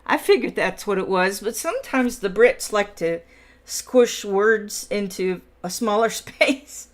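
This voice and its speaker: A woman's voice: mid-range voice, expressive, a little slow. A middle-aged woman, hosting a casual coloring livestream and chatting with viewers as she works. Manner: chatty, reads and answers viewer comments while coloring. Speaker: livestream host.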